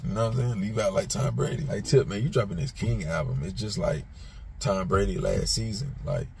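A man's voice: lowish voice, fairly quick, gravelly, a little mellow, slight background noise. A man hosting his own commentary channel, talking bluntly and casually, speaking straight to the people he discusses in street slang and often repeating himself. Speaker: commentator and host.

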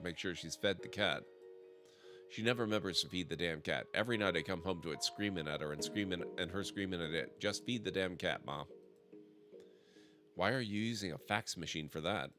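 A man reading the lines of a grumpy, rude male motel clerk in a game, with a gruff, insulting manner. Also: low voice, lightly acted. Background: music.

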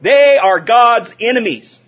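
High-voiced preacher on a dull recording. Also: male voice, slow pace. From Southern California. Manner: lively preaching with call-and-response and chuckles. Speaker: pastor. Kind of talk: sermon.

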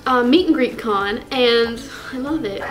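A woman's voice: fairly high pitch, unhurried, natural voice, rough recording. A woman playing a gushing, clueless teenage fake fan who rambles giddily and gasps between lines, with a faint music bed behind her. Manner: giddy, rambling, gasping fangirl talk. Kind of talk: comedy sketch character.

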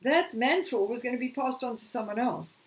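A woman preaching a sermon, slightly hoarse, telling a scripture story and acting out the quoted lines. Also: a little high, expressive, normal speed, recorded from a distance, rough recording. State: slightly hoarse, clearing throat.

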